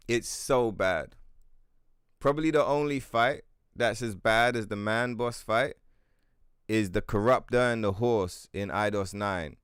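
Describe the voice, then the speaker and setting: A man's voice: lowish voice, clear, resonant tone, no echo, studio quality. A man streaming a video game, commenting casually and swearing constantly.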